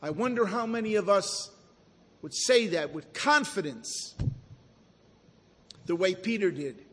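A man preaching a sermon with slow, emphatic delivery that often sinks to a hush for effect. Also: high voice, lively intonation, breathy edge, big-room sound.

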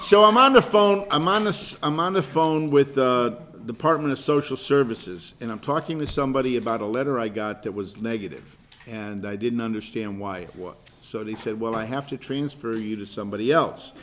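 A man, a pastor, leading a Bible study group, telling stories in a chatty, animated way with repeated words and laughs. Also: mid-range voice, fairly quick, slight background noise. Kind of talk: casual group discussion and storytelling.

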